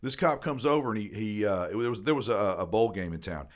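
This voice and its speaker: Man in his 30s, podcast host, low voice, rambling and profane storyteller. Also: fast talker. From Tennessee. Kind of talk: casual storytelling.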